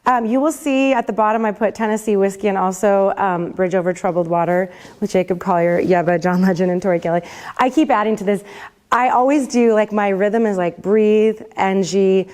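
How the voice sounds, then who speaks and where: A woman's voice: mid-range voice, steady tone, brisk, a little mellow. Chatty woman teaching a singing class. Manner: chatty and upbeat, with many fillers like "um" and "like". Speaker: worship pastor teaching a vocal master class. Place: class room with a group.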